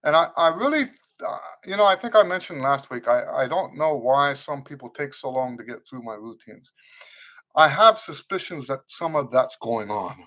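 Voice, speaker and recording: A man's voice: medium pitch, expressive, moderate pace, fairly bright tone. A man teaching trumpet in an unscripted live-stream Q&A, earnest and instructive, repeating key phrases for emphasis and greeting viewers as they comment. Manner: reads viewer comments aloud and greets them.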